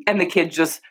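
A young adult woman co-hosting a casual podcast, telling stories and acting out what people said, laughing often. Her voice sits on the low side for a woman but swoops widely as she talks. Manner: animated storyteller, laughs often, acts out quoted voices. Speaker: podcast co-host. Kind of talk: casual chat.

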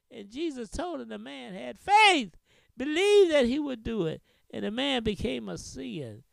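A man pastor preaches in an unhurried, sing-song cadence. He drops in amens constantly and punctuates phrases with a rhythmic "huh". His voice is smooth and resonant, and it sounds close and dry. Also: very high voice, sing-song, a bit bright, dry recording. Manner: frequent interjected amens and hallelujahs. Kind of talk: sermon.

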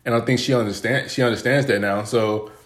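Guy co-hosting a podcast, loose rambly storytelling, mid-pitch voice. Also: steady tone, a little fast. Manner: loose, rambling, lots of "like" fillers, laughs at his own stories. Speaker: podcast co-host. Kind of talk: casual podcast chat.

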